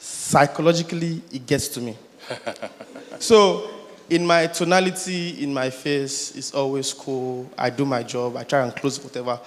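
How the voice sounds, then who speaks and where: A man from the audience asks a question at a conference and tells his story in an animated way, with laughing asides. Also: mid-range voice, measured pace, a little hiss or hum. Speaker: audience member asking a question. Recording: hall with long reverb.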